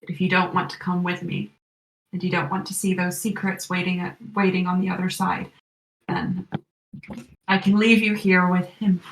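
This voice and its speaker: A woman voicing a scheming male villain who experiments on people, speaking in a calm, patronizing way with a slightly hoarse throat. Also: lowish voice, normal speed, reverberant, far from the mic, lightly acted, rough recording. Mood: calm menace. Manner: calm, patronizing, quietly menacing.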